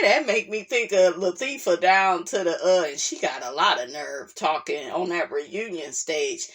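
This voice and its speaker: A woman hosting a gossip commentary vlog, sassy and animated, breaking into asides and laughter. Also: lowish voice, a little slow, few pauses, slightly rough. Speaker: commentary channel host.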